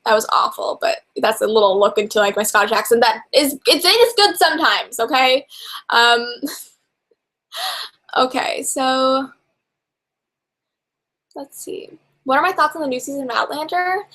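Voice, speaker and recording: A nineteen-year-old woman, an author and book vlogger, chatting casually while answering viewer questions. She rambles, loses her train of thought, and fills her talk with fillers and quick self-corrections. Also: on the high side, fairly bright tone. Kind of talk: casual live Q&A chat.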